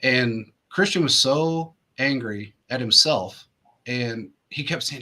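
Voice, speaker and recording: Male host, casual storyteller, bright and raspy, meanders through anecdotes with lots of restarts. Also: medium pitch, takes it slowly. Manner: rambling anecdotes full of restarts and fillers. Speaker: show host.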